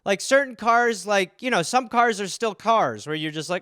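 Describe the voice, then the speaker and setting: A man's voice: high-pitched, expressive, moderate pace, bright, forceful tone, clear, resonant tone, dry recording, studio quality. A man hosting a podcast, rambling through a comedic solo monologue and acting out voices. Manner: rambling, acts out voices in bits. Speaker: podcast host.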